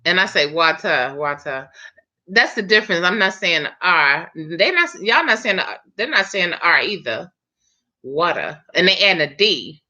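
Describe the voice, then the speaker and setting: A lower-pitched woman with a bright, forceful edge to her voice, hosting a relaxed live chat with her viewers. She chats freely and laughs often. The stream audio sounds dull and lo-fi. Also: normal speed, few pauses. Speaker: live chat host, hairstylist.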